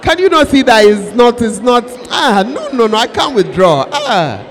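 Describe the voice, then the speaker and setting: A man's voice: extremely high pitch, sing-song, normal speed. A man preaching a sermon as pastor, pleading and urging the congregation to repeat phrases to their neighbors. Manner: pleading, call-and-response with congregation. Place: church hall. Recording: echoey hall with mains hum.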